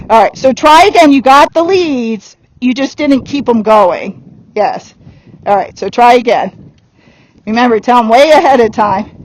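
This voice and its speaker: High-pitched woman trainer; direct, upbeat coaching in an outdoor arena. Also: rough recording. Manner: direct coaching with quick laughs. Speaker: horse trainer. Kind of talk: giving a riding lesson.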